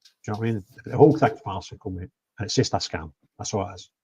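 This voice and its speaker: A man telling of his travels in an animated livestream chat, blunt, swinging between loud outbursts and low mutters. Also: quick pace, husky. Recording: dull lo-fi stream audio.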